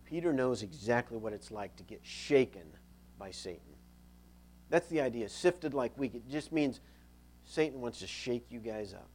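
A male preacher giving a sermon in a relaxed, conversational tone. He tells the story plainly and leans hard on key words. His voice sits at an ordinary middle pitch. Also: normal speed.

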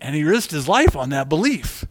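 A fairly high-voiced man preaching through a long personal story. He speaks in a chatty way, repeating himself, and rises into loud shouted bits. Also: moderate pace. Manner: animated storyteller who shouts quoted lines. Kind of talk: storytelling sermon.

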